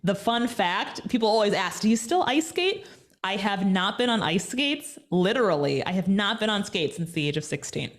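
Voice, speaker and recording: A woman guest in an interview, talking in an energetic, emphatic, motivational way. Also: mid-range voice, moderate pace, hardly any pauses. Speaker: guest, media personality. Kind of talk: conversational interview.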